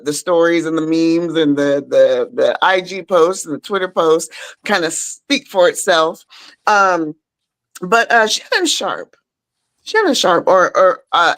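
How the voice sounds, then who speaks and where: A woman's voice: on the low side, fairly bright tone. A woman hosting a casual chat show, talking in a chatty way and laughing often between thoughts. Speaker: host.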